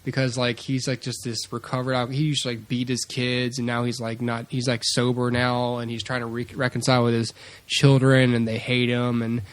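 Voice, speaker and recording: A man's voice: mid-range voice, completely flat delivery, a little fast. Rambling, chuckling male podcast host. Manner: rambling, laughs often, acts out quotes. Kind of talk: casual chat.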